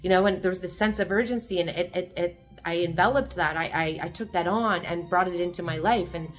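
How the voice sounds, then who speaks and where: A woman with a fairly low voice shares a daily meditation in an earnest, gently encouraging way. She sounds emotional, close to tears at times. Soft music plays faintly behind her. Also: fairly quick. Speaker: host of a daily reflection video. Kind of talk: reading and reflecting on a daily meditation.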